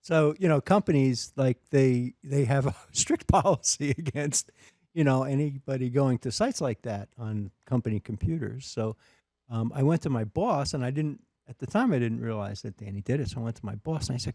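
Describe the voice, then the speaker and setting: A man's voice: mid-range voice, moderate pace, dry recording, clean studio sound. A middle-aged man, a father, telling family stories in a casual chat and acting out the voices. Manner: animated storyteller, acts out voices.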